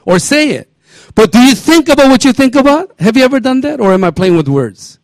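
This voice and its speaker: A man's voice: very high voice, big pitch swings, a little fast, no room sound. A middle-aged man preaching a sermon as pastor, emphatic, repeating phrases and asking his congregation questions.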